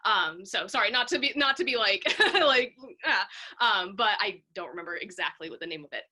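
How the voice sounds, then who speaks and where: Bright, bubbly woman host. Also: medium pitch, animated, a little fast. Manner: bubbly, filler-heavy, self-deprecating. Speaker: podcast host. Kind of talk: casual interview chat.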